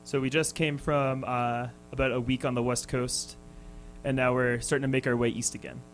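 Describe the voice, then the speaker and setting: A man's voice: mid-range voice, level tone, moderate pace, slight background noise, low-quality recording. A young man, a touring musician, telling stories in a casual radio interview, hesitant and laughing. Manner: hesitant, lots of fillers and restarts, laughing. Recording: radio studio with music underneath.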